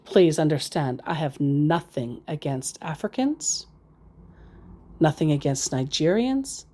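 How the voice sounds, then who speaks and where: Woman, low voice, slow unhurried talk, sarcastic, rambling casual commentary. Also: expressive, mellow. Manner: chatty, sarcastic, rambling asides. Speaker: scambaiter reading scam chats. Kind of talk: casual commentary reading messages.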